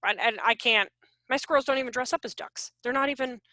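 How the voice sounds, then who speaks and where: A woman in her forties runs an online workshop as a behavior consultant, talking in an animated, joking, self-deprecating way. Her voice sits high and sounds bright. The sound is close and dry, as on a video call. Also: quick pace, dry recording. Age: 40s.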